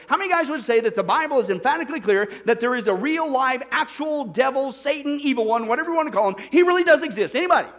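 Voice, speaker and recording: A man preaching a sermon, reading verses and putting emphatic questions to the congregation. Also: sits high. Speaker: pastor.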